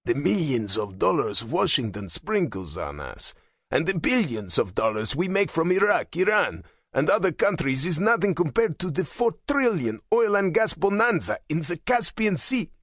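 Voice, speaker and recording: A man narrating an audiobook voices a fervent hardline male politician, raspy, harsh and impassioned. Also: on the high side, sing-song, moderate pace, a bit bright, no echo, clean studio sound, pitched above the performer's own voice, full character voice. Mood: scheming. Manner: impassioned, intense.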